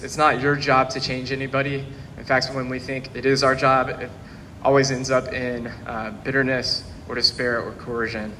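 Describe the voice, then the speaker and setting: Bright-voiced man preaching in a reverberant hall. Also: mid-range voice, slight background noise. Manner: earnest, steady preaching with scripture quotes. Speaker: pastor. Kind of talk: sermon. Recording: long hall reverb, faint ambience.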